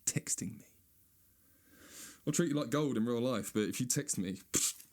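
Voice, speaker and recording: A man doing a sweary, sarcastic stand-up rant, now and then mocking people in a high whiny voice. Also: fairly quick, a little mellow. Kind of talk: ranting stand-up monologue.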